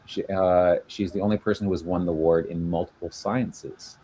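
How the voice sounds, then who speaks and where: A man's voice: deep voice, fairly even intonation, moderate pace, warm tone, a little hiss or hum. A man co-hosting a casual video-call chat, explaining at length with many fillers and restarts. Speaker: genealogy show co-host.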